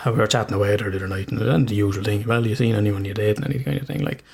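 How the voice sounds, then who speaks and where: A man's voice: on the low side, steady tone, rapid-fire, vocal fry, a little mellow, a little hiss or hum. Laughing Irish man telling stories. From Ireland. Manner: laughs often, swears casually, tells stories animatedly. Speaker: podcast co-host. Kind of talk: casual chat.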